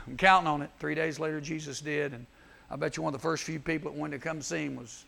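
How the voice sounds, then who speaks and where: Very gravelly, gentle preaching man. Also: a little high, fairly even intonation, fast talker, a little hiss or hum. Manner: gentle, earnest, prayerful. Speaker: camp preacher. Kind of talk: sermon with altar call prayer. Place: camp chapel.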